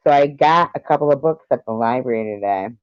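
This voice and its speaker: A man's voice: mid-range voice, brisk, smooth, no room sound. A man hosting a livestream, chatting casually and playfully with his viewers, greeting them one by one. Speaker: livestream host. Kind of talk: casual chat with live viewers. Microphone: phone. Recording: dull lo-fi audio.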